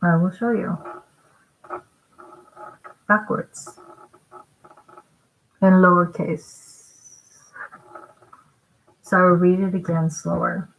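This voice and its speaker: A woman preaches through scripture in an unhurried, measured way, pressing each point home. Her voice sits on the low side. She keeps turning to her listeners with rhetorical questions as she works through the text. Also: steady tone, gravelly, low-quality recording. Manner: emphatic, deliberate, with rhetorical check-ins. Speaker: online preacher. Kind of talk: sermon-style scripture commentary.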